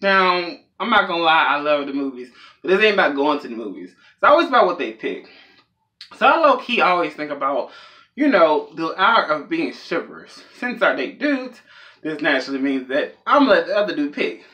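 A man's voice: fairly high pitch, very animated, brisk, pushed and bright. A young man telling a rambling, self-mocking comedic story as a vlogger. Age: young adult.

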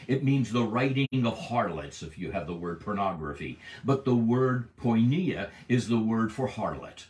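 Slow, emphatic man teaching the Bible. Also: fairly low pitch, a little mellow, reverberant, recorded from a distance. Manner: deliberate, emphatic, asks rhetorical questions.

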